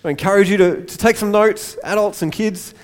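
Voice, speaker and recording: High-voiced man preaching a sermon. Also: a little fast. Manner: light-hearted, self-deprecating asides. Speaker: pastor.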